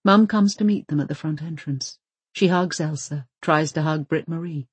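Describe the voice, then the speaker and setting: Low, husky woman narrating a novel. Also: normal speed, no echo. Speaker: audiobook narrator. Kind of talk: scripted audiobook narration.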